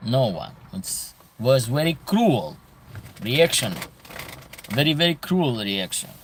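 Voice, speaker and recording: Speaking slowly with a sing-song, medium-pitched voice, an Albanian-accented man hosts casual live commentary and answers viewer comments. He's emphatic, repeating phrases for stress, with slight background noise.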